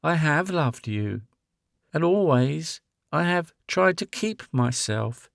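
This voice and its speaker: A man voicing a grown woman who is tender, sorrowful and resolute, speaking with soft pleading. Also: a little high, expressive, slow, creaky, dry recording, studio quality, heavily acted.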